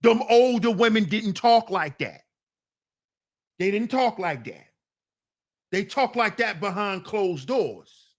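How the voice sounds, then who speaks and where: High pitched guy, blunt casual rant, scolding his chat. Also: expressive, slow, pauses often. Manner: blunt, scolding, talks back to viewers. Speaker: commentary channel host.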